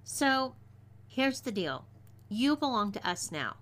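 A woman's voice: a little high, sing-song, slow pace, fairly bright tone, voice pushed up, heavily acted. Texan woman playing Zelia, a fiery female outlaw. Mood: bossy. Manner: bossy, threatening drawl.

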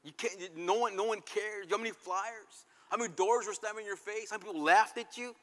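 A man's voice: high voice, a little fast, a bit bright. A man preaching who voices the devil as a sneering, taunting tempter, in a reverberant hall. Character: mocking male devil, taunting.

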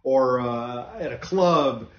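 A man's voice: medium pitch, slow pace, dull audio. Enthusiastic man from California, echoey room. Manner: enthusiastic, playful. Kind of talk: casual chat.

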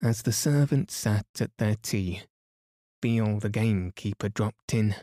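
A man's voice: fairly low pitch, unhurried, no room sound, studio quality. A man reading a storybook aloud as a soothing bedtime narrator. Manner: soft, soothing, even.

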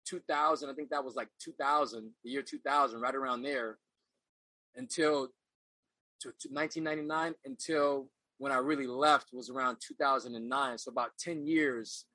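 A middle-aged man speaks as a guest in a relaxed interview, earnest and reflective. He doubles back and repeats himself as he gathers his thoughts. His voice has a bright, forceful edge, and the sound is close and dry with almost no room. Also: medium pitch, moderate pace, no room sound, rough recording. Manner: earnest, reflective, repeats phrases while searching for words. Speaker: podcast guest, actor. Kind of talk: casual interview storytelling.

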